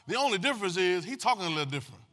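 High, bright-voiced preacher man. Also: very fast. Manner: animated street-talking preaching, call and response, shouting at peaks. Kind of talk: sermon.

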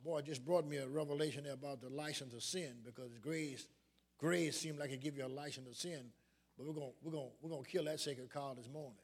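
A man's voice: mid-range voice, fairly even intonation, quick pace, slightly rough. A man preaching a sermon as pastor, calling out questions to his congregation and building up to emphatic points. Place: church sanctuary.

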